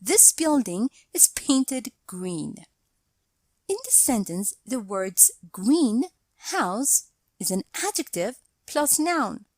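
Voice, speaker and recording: Slow, lively-pitched woman teaching grammar. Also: no room sound. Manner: measured, explanatory delivery reading out example sentences. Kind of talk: scripted lesson narration.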